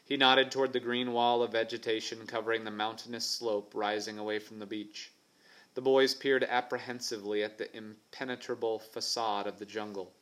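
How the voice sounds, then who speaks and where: A man narrating a children's adventure audiobook in a steady, even storytelling manner. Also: fairly low pitch, normal speed, poor audio. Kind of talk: scripted narration.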